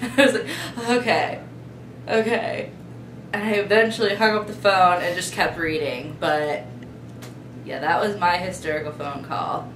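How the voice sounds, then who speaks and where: A woman's voice: fairly low pitch, normal speed. A young woman telling a story in a dry, matter-of-fact casual vlog style. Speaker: vlog co-host. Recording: echoey room with faint noise.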